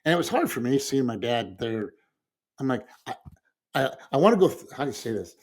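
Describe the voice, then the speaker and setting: A grieving man, co-host of a talk show, telling a personal story in casual conversation, halting and restarting, with soft laughs. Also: medium pitch, very animated. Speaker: podcast co-host.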